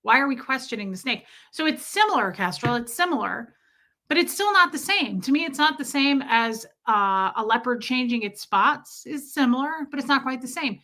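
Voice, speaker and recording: A woman hosting a live stream, chatting casually and reflectively while answering viewer comments, slowing down to stress key phrases. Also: high-pitched, expressive, pushed and bright. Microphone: streaming mic.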